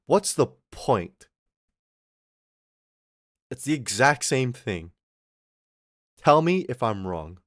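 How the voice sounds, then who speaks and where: A young man chats loosely on a livestream, cursing and chuckling as he rambles. His pitch swings widely, rising and falling as he talks. The sound is close and dry. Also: very animated, takes it slowly, pauses often, no room sound. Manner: rambling, profane, laughing often. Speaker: streamer. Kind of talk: casual livestream chat.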